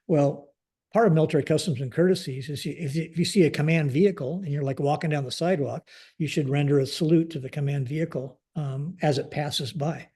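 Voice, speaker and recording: Older American man, retired general; conversational storyteller who voices each quote, slightly higher-pitched. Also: brisk, warm tone, slightly rough. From United States. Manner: conversational, acts out dialogue in quotes, frequent fillers. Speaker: guest, retired Air Force general. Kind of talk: storytelling in a podcast interview.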